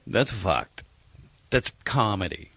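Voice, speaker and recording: Low-voiced joking man, lively delivery. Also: takes it slowly, creaky, husky. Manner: crude, joking, teasing. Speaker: podcast co-host. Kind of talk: casual chat.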